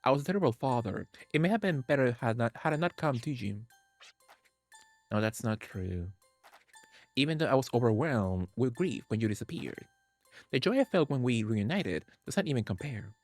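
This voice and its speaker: A man gives voice to a loving, fading father figure from a video game scene. He reads earnestly at a mid pitch and trips over a word now and then. Faint game music plays underneath. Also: lively intonation, dry recording. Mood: regretful. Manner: earnest, slow reading with occasional stumbles. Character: dying ghostly father, middle-aged man, solemn and loving.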